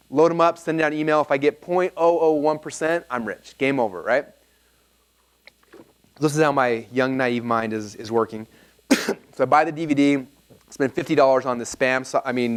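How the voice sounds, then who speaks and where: An energetic man tells a story to a live seminar audience at a brisk, rapid clip. His talk is casual and loose, with lots of "like" fillers between his points. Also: medium pitch, clear, resonant tone. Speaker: seminar presenter.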